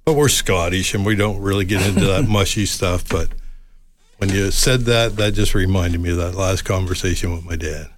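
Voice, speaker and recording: An older man guest telling a personal story in a soft, reflective, halting way. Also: low voice, a little hiss or hum.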